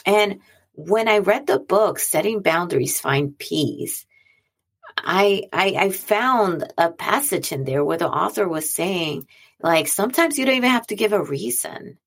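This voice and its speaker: A woman's voice: fairly low pitch, animated, a little slow, gravelly, slightly rough. A woman speaking earnestly in a reflective monologue, talking casually and repeating phrases for emphasis. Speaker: speaker on mental health and boundaries.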